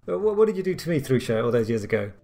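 A man co-hosting a casual podcast chat, a doctor who rambles quickly with many fillers. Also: mid-range voice, very animated, mellow, faint music behind.

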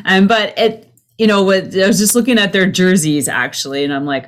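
A woman's voice: mid-range voice, unhurried. Giggly woman podcast host. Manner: laughs often, chatty. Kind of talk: casual interview chat.

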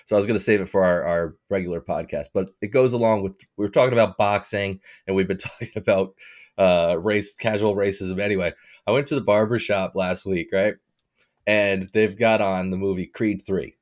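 A man co-hosting a casual podcast, rambling in a relaxed way and laughing easily. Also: sits low, brisk. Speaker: podcast co-host. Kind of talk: casual chat.

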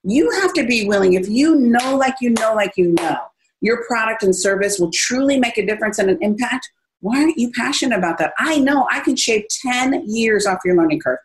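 Animated woman sharing sales advice. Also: on the high side, brisk, poor audio. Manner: energetic, animated storytelling with acted-out quotes. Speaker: business speaker and author. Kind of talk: casual podcast interview.

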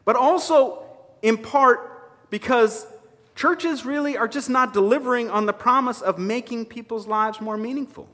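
A man's voice: very high voice, normal speed, bright, forceful tone. A man preaching a sermon as a minister, conversational and emphatic, with wry asides to his congregation. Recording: reverberant hall sound.

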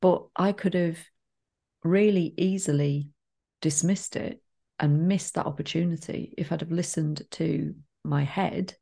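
Casual podcast co-host, female, husky and mellow, sharing stories in an earnest tone. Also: sits low, fairly even intonation. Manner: earnest, measured, personal storytelling. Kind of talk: casual reflective chat.

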